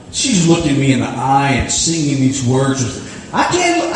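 A middle-aged male pastor preaching a storytelling sermon, animated and self-deprecating, acting out his own self-talk. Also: sits high. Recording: echoey hall, mic far from speaker.

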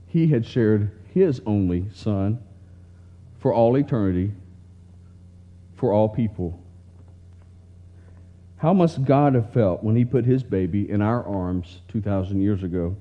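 A man's voice: lowish voice, expressive, measured pace, pauses often. A man preaching, reading a heartfelt story aloud in a tender, earnest way, recorded in dull lo-fi sound.

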